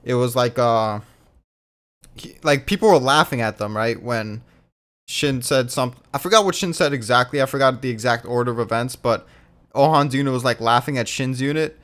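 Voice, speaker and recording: A man's voice: mid-range voice, normal speed, fairly bright tone. A man in a casual fan discussion, talking animatedly with lots of fillers and casual swearing.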